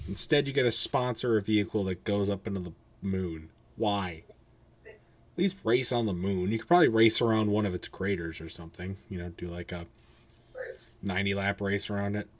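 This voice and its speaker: A man's voice: fairly low pitch, a little fast. A man hosting a casual podcast, sounding tired and rambling, swearing freely and restarting his sentences. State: tired, yawning. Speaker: podcast host.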